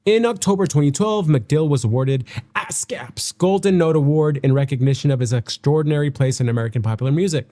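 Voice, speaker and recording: A man's voice: a little high, warm tone. A young man hosting a reaction video, chatting casually and reading notes aloud, often stumbling over names and correcting himself.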